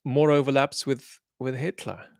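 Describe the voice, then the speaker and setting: A man's voice: medium pitch, steady tone, measured pace, gravelly, darkish tone, no echo. A man with a mid-range voice hosts a live stream, thinking aloud with plenty of ums before landing on blunt judgements. His accent is mixed, with traces of Australian and London. The sound is dry and close. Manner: thoughtful, hesitant with many ums, blunt in judgement. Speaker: livestream host. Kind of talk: live chat commentary reading viewer comments.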